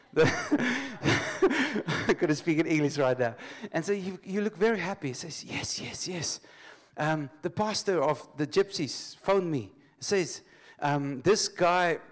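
A man preaching a sermon to a church congregation. He leads call-and-response, tells stories with loose restarts and laughs often. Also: on the high side.

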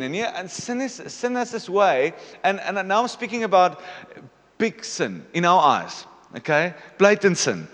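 A man's voice: fairly high pitch, sing-song, a little fast, a bit bright, long reverb tail. A man in his thirties, a pastor giving a confessional personal testimony during a sermon, often checking in with "okay?". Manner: confessional, repeats "okay?" to the congregation. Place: church hall.

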